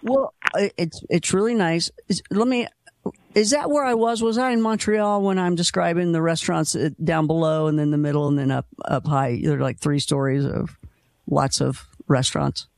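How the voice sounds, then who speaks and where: A man with a slight Kentucky accent hosts a call-in radio show in a loose, rambling way. His voice is gravelly and sits a little high. The sound is close and dry. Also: fairly even intonation, moderate pace, no echo. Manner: chatty, rambling, restarts. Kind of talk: casual call-in radio chat.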